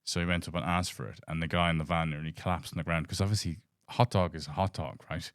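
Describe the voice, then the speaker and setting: A man in his late forties co-hosting a podcast, telling meandering anecdotes with halting restarts. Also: sits low, fairly even intonation, clean tone, no room sound, clean studio sound. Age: late 40s. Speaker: podcast co-host. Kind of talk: casual storytelling chat.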